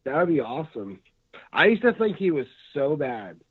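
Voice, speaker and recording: A man, a pro wrestler, chatting casually on a podcast in a rambling, halting way full of fillers. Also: fairly high pitch, big pitch swings, breathy edge. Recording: dry, phone-like lo-fi sound.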